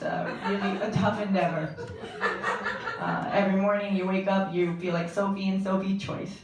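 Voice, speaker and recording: A young woman performing a stand-up comedy set on stage, deadpan with frequent laughs. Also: medium pitch. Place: comedy stage with live audience. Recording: echoey live room from far off.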